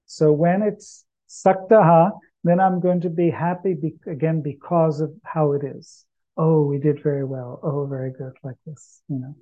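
A man chanting verses slowly, then explaining them in relaxed, anecdotal talk with non-native English phrasing. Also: fairly high pitch. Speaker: spiritual teacher. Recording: dull lo-fi recording.

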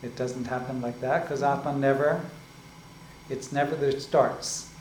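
A man giving a spiritual discourse as a teacher. He explains slowly and often checks in with "right?" and "like this". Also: medium pitch, fairly even intonation, a little mellow. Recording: echoey room with faint ambient noise.

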